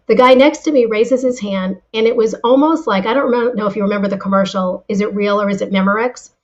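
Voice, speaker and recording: A woman telling anecdotes and giving advice as a guest in a casual interview, with lively delivery and frequent restarts. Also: mid-range voice, quick pace, muffled recording. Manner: animated storyteller, frequent restarts. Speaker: guest, former insurance seller.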